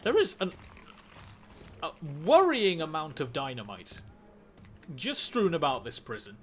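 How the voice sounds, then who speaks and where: A man's voice: a little high, huge pitch swings, unhurried, fairly bright tone, faint music behind. A man hosting a gaming video, giving dry, wry let's play commentary and often stammering and restarting his sentences.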